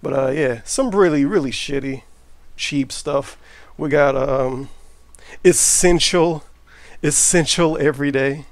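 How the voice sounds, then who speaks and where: Gravelly man rambling while cooking. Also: a little high, slow, no echo. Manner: rambling, profane, offhand. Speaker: cooking vlogger. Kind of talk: casual cooking vlog. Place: home kitchen. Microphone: camera mic while cooking.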